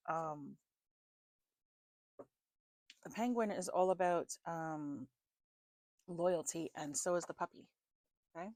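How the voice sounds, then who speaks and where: A woman's voice: on the low side, darkish tone, no room sound. A North American woman doing a casual tarot and spirit box reading, musing aloud and often checking in with "okay?". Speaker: tarot reader.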